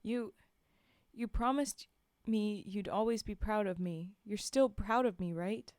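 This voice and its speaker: A woman's voice: medium pitch, unhurried, darkish tone, no echo, studio quality, close to an everyday voice. A woman reading the part of a teenage girl who desperately pleads with her father. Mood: hurt. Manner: pleading, tearful.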